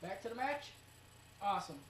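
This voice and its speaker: Giggly co-host with a lively voice. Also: medium pitch, far from the mic. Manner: playful and giggly, quick to tease. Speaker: co-host of a wrestling recap show. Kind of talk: casual recap chat. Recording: roomy amateur recording with faint noise.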